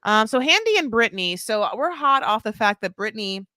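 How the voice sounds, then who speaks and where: A woman co-hosting a podcast, chatting loosely through a reality-show recap. She slips into quick impressions of the people on the show. The mic is close and the sound is dry. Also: on the high side, no room sound. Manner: animated retelling with acted-out quotes. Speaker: podcast co-host. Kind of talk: casual recap chat.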